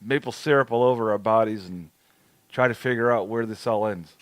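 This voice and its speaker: A man's voice: on the low side, fairly quick, no echo. Crude, laughing New man. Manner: crude, swearing, laughing often. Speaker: podcast co-host. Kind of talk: casual chat.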